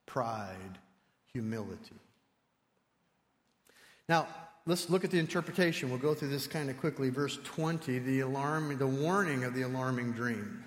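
A man's voice: mid-range voice, moderate pace. Male preacher in a reverberant hall. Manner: animated, swinging from loud to hushed. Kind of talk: sermon. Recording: long reverb in a large hall.

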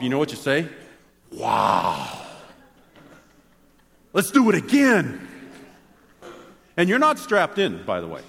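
Male pastor preaching in a church, bouncy upbeat voice, big echo off the hall. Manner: animated, swings between excited exclamations and soft low asides. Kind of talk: sermon. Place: church sanctuary. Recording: long hall reverb.

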